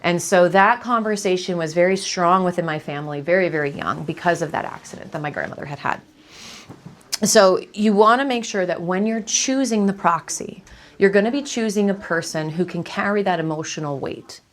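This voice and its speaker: A woman's voice: fairly low pitch, brisk. A woman estate planning lawyer giving a community seminar talk, in a conversational storytelling manner.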